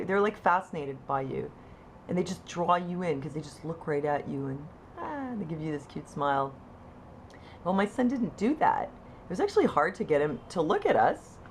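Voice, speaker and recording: A woman telling her own story as a mother, in a casual, conversational way, with halting restarts and bright quoted asides. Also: fairly low pitch, slight background noise. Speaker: mother sharing her experience. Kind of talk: casual personal account to camera.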